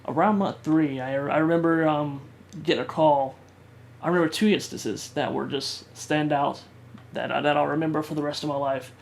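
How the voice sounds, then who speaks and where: Man telling a story, flat high-ish voice. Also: vocal fry, a little hiss or hum. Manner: halting, many fillers and restarts. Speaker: vlogger. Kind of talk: personal storytelling.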